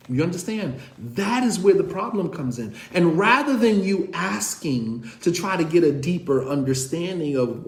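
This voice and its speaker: A man giving a conversational lecture on marriage, speaking directly to his listeners and asking them again and again whether they understand, with animated, sarcastic storytelling. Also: high-pitched, roomy sound.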